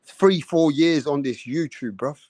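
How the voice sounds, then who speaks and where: A man hosting a boxing livestream, talking in an excitable, profane, hype way. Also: on the high side, measured pace, no room sound. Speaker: boxing YouTube host. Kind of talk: casual livestream chat.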